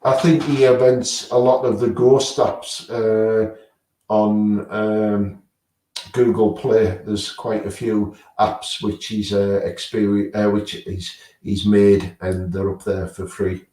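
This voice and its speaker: A man's voice: on the low side, flat delivery, takes it slowly, mellow, distant mic. A man, a guest paranormal investigator, answering casually with many fillers and restarts. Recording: roomy sound, away from the mic.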